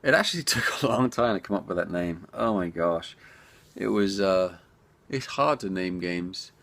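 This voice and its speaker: A man's voice: low-pitched, animated, moderate pace, vocal fry, fairly bright tone. A man who develops indie games, answering viewer questions in a chatty, rambling way and talking straight to the viewers. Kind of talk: casual Q&A chat.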